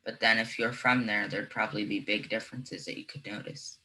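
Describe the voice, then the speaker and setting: A man's voice: fairly low pitch, fairly even intonation, brisk, bright, forceful tone, rough recording. A male student giving short, thoughtful answers in a class discussion.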